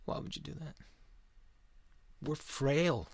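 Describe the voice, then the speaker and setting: A man's voice: a little high, slow pace, slightly rough, no room sound. A man hosting a casual podcast, talking in a profane, rambling and sarcastic way. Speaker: podcast host. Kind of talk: casual chat.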